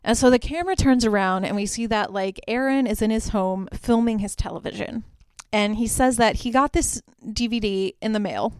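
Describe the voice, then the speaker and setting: Chatty young woman with a smooth voice. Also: a little high, normal speed, a little mellow, dry recording, clean studio sound. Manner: chatty, lots of "like" fillers; quotes characters in her own voice. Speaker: podcast host. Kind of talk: casual film recap.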